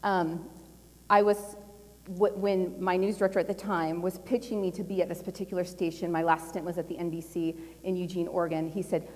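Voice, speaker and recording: A middle-aged woman giving a casual, animated talk at a conference, telling a personal story with a lot of fillers and laughter. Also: fairly low pitch, a little fast. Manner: chatty and animated, laughing often, with lots of fillers. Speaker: conference speaker. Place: large conference hall. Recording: long hall reverb.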